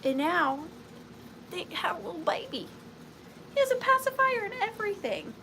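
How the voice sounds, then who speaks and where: A woman's voice: very high-pitched, big pitch swings, moderate pace, very noisy. A woman with a Southern US accent hosting a live vintage and antiques sale from home, chatty and gushing, greeting viewers by name.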